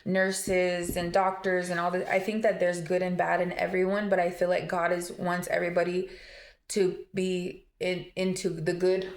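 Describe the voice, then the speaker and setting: A woman's voice: lowish voice, completely flat delivery, normal speed, echoey room. A woman telling a personal story on a casual vlog, emotional and rambling, with lots of fillers and restarts. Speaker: vlogger.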